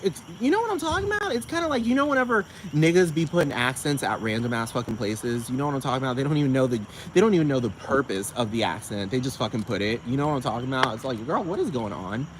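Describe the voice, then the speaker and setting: A man in a middle-range voice, rambling through a profane vlog rant. He keeps circling back to ask if you know what he means, and his pitch leaps up whenever he gets worked up. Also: sing-song, quick pace, few pauses, a little hiss or hum, low-quality recording. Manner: sudden jumps up in pitch when riled. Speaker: vlogger. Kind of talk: casual rant to camera.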